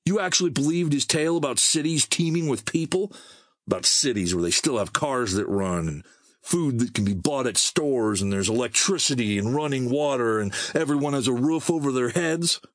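Hot-headed young male scavenger, snappy and scornful, lively, husky , read by a male narrator. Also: mid-range voice, normal speed, no room sound, clean studio sound, pitched above the performer's own voice, lightly acted.

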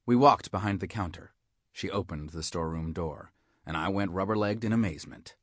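A man's voice: low voice, fairly quick, no room sound, clean studio sound. Wisecracking hard-boiled storybook narrator, man. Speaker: audiobook narrator. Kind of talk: scripted first-person story narration.

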